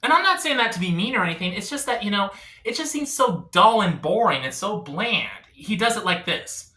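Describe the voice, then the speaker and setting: A male stand-up comic talks to a crowd in a bright, ringing voice that leaps up and down in pitch. His setups are confessional and deadpan, and the sound reverberates in an echoey room. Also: fairly quick. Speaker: stand-up comedian. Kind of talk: stand-up comedy set.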